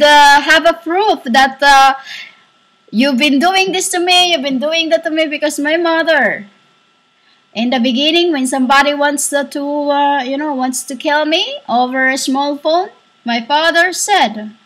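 A woman speaks slowly into a laptop microphone, giving a drifting spiritual monologue. She halts often, searching for her words between long pauses. Her voice sits high. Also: bright, forceful tone, poor audio. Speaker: self-styled spiritual speaker. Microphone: laptop built-in microphone.

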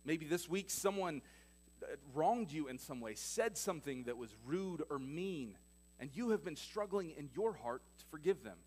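A male pastor preaching in a church, retelling stories in a fairly high voice. His delivery swings between emphatic, louder passages and quiet, hushed ones. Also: animated, moderate pace, breathy edge. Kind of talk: sermon.

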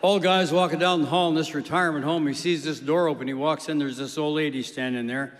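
A man from South Dakota delivers one-liners with a deadpan touch. His voice sits a little high. It rings out through a large hall. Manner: deadpan joke telling with quick voices for characters. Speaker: comedian. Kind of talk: stand-up jokes on stage, then interview. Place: large concert hall stage. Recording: reverberant hall.

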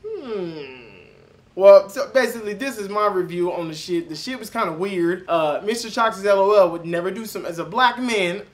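A young man doing loud, mocking reaction commentary, cursing and breaking into shouting laughs. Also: high-pitched, expressive, moderate pace. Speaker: reaction video host.

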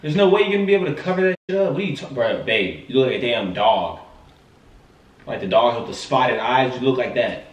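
A young man sounds incredulous and defensive, and his pitch swings widely as he protests. He talks from a distance, and the room around him echoes. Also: animated, fast, dull audio. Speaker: vlogger, prank target. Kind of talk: casual couple banter.

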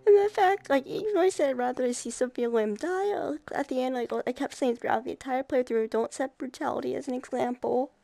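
Woman gamer, high gravelly voice, rambling emotional commentary, game music loud behind. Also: fairly quick, few pauses, no echo, poor audio. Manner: emotional, rambling, many fillers. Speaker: video game streamer. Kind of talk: casual let's-play commentary. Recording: game music playing under voice.

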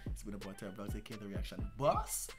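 A young man with a Jamaican accent, a music reaction vlogger talking casually in patois with loud excitable bursts. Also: on the low side, fast talker. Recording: music playing loudly behind.

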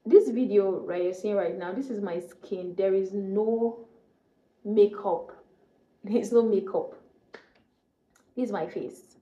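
A young woman from Nigeria shares a faith testimony to her camera and repeats phrases for emphasis. Her voice is mellow and sits in a roomy, slightly dull-sounding home room. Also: medium pitch, takes it slowly, long pauses. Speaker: vlogger.

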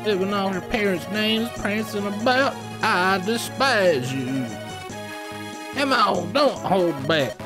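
A man's voice: high-pitched, lively intonation, slow, over music, voice pushed up. A man doing a sneering bandit chief. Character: sneering male bandit leader, bitter and violent.

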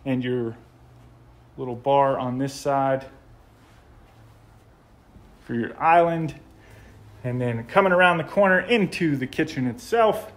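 An American man with a casual, enthusiastic manner, narrating a walkthrough of a model home as he films it. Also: mid-range voice. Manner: enthusiastic, gushing. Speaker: home tour vlogger.

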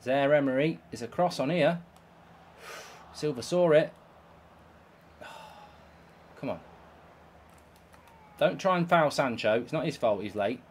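This host delivers video game commentary in a heated, exasperated way, swearing often. His medium-pitched voice is expressive and slow, with frequent pauses and a little hiss or hum in the background.

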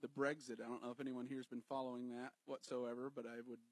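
A man co-hosting a podcast, chatting casually with quick laughing asides. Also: mid-range voice, level tone, dry recording, rough recording. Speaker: podcast co-host. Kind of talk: casual chat.

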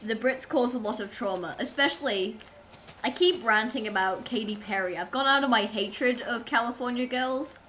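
A woman's voice: fairly high pitch, normal speed, fairly bright tone, a little hiss or hum, poor audio. Giggly rambling woman streamer. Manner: rambling, giggly, self-mocking. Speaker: livestreamer. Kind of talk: casual chat with stream chat while gaming.

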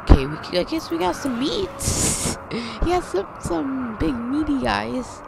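A gaming channel host giving excitable let's-play commentary, talking to the game characters and shouting when things go wrong. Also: sits high, slow pace, vocal fry, noisy background.

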